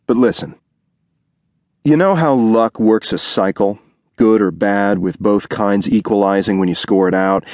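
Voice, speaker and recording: A man reads a first-person hardboiled crime story, his voice low and his phrasing clipped and world-weary. The recording is dry and close, with no room sound. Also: a little mellow, no room sound. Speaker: audiobook narrator. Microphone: close studio mic.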